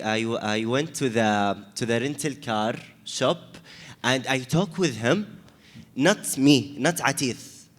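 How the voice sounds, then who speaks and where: A man speaks on a discussion panel in halting, restarting English and stresses his points hard. His voice sits in a middle register. Long reverb from a large hall trails each phrase. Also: mid-range voice, a bit bright. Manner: hesitant, many restarts, emphatic. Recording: echoey hall.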